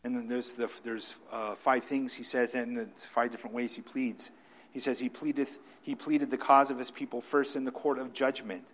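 Man preaching in loud and soft bursts. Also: medium pitch, level tone, normal speed. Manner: unscripted preaching with frequent restarts and filler words; swings between loud emphatic stresses and quiet asides. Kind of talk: sermon.

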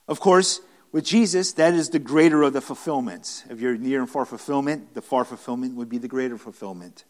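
A pastor leads a conversational Bible-study sermon before a room of listeners, earnest and emphatic, frequently restarting and repeating phrases. His voice is mid-range and fairly quick.

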